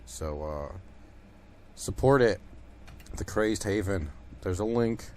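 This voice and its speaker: A man with a somewhat low voice talks alone on his own podcast, rambling loosely and swearing freely. He leans on "you know" and "like" as he goes. A faint hiss of background noise sits under the recording. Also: lively intonation, slow pace, a little mellow. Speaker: podcast host. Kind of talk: casual monologue.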